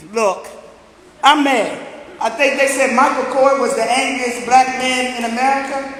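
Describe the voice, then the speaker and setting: A woman sheriff giving a forceful, angry rally speech, repeating lines and shouting to rouse the crowd. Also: sits high, steady tone, a little slow. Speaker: city sheriff speaking at a rally. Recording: echoey loudspeaker sound at a rally.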